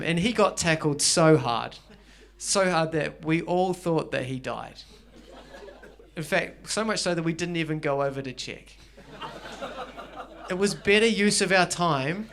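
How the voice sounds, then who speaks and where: A middle-aged man with a New Zealand accent doing stand-up comedy, telling stories with animated delivery and acting out characters. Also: fairly high pitch. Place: garage venue with live audience.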